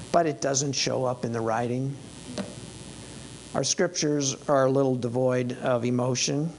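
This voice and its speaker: A man's voice: mid-range voice, gravelly, slight background noise, poor audio. A male preacher giving a sermon in a conversational, wry and emphatic way, losing his voice.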